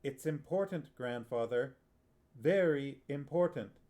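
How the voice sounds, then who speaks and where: A man's voice: medium pitch, expressive, slow, warm tone. A man reading aloud, voicing an urgent, insistent teenage boy hero.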